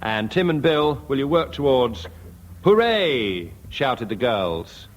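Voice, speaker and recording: A man chairing a comedy panel game on radio, briskly announcing scores, rules and taglines in a dry manner. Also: medium pitch, sing-song. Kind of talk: radio panel show hosting.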